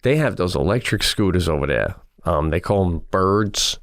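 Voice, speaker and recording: A middle-aged man co-hosting a podcast, telling a story in a casual, animated way and acting out his own exasperated lines. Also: deep voice, normal speed. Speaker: podcast co-host.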